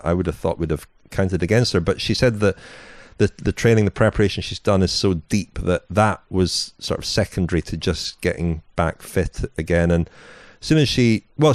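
Man, podcast co-host, very low pitch, dry sound, meandering casual chat. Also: dry recording. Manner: meandering, full of "you know" and restarts.

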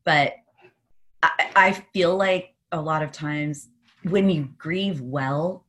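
A woman who is a podcast guest, telling personal stories in an animated way and laughing often. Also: deep voice, slow. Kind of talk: conversational interview.

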